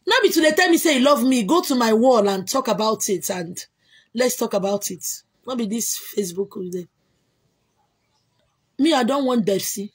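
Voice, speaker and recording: A woman with a Nigerian accent hosting a casual livestream, answering viewer comments in an emphatic, repetitive way with loud exclamations. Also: fairly high pitch, expressive, moderate pace, husky. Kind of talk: casual chat.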